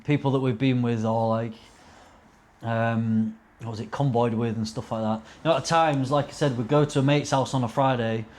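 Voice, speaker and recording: A man's voice: medium pitch, steady tone, moderate pace, a little mellow. A young man, a podcast guest telling rambling anecdotes in casual chat, swearing and acting out quotes. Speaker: podcast guest, racing driver.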